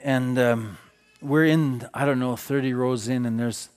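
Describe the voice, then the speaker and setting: A middle-aged man, preaching a sermon as he tells a story, swinging from loud exclamations to hushed passages. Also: medium pitch, steady tone, unhurried, clear, resonant tone.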